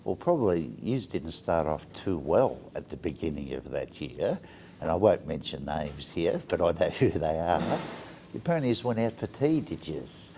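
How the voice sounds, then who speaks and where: A man's voice: a bass voice, animated, moderate pace, warm tone, slight background noise. An Australian man, a player's family member, teasing the team in a casual recorded message. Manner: teasing, matey.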